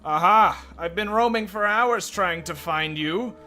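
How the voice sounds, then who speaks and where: A man voicing a scruffy male goblin peddler in a game's text, hurried and fussy. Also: high-pitched, bright, forceful tone, soft background music, voice pushed up.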